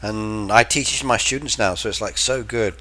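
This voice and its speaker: A man's voice: lowish voice, moderate pace, pushed and bright. An English man streaming a game and chatting casually, explaining slang to his viewers like the teacher he is. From England. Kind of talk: casual live-stream chat.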